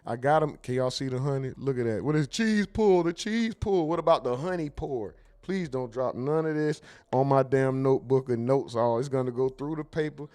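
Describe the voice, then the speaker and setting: A man's voice: mid-range voice, a little fast, hardly any pauses, darkish tone. A man hosting a casual livestream who reads chat comments aloud, jokes, curses freely, and slips into mimicry. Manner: profane, joking, mimics others. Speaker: livestream host.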